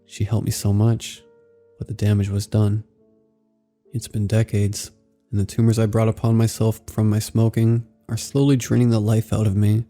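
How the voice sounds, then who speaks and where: Gravelly, dark-voiced male horror narrator. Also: on the low side, normal speed, faint music behind. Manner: steady, somber storytelling. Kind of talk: scripted first-person horror narration.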